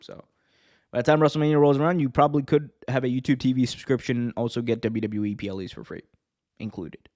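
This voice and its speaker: Man, podcast host, casual wrestling chat, rambling, self-correcting, jokey, medium pitch. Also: steady tone, fast talker, darkish tone.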